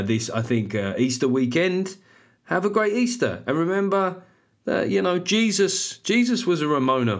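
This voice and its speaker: A man hosting a comedy podcast alone, rambling, swearing and mocking himself. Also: mid-range voice. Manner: rambling, sweary, self-deprecating. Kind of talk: solo comedic podcast monologue.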